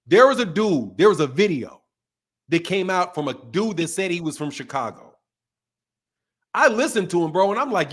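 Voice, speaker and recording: Animated, high-voiced ranting man. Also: normal speed. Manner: animated, emphatic, swears a lot. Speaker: boxing channel host. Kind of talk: casual profane podcast rant.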